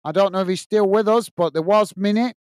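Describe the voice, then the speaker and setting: A man's voice: high voice, a little fast, darkish tone, clean tone, dry recording, clean studio sound. A man hosting a football watch-along, chatting casually and reading out viewer comments, full of filler uhs and calling everyone mate. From England. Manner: casual and chummy, many filler uhs, calls people mate. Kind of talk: live stream chat reading.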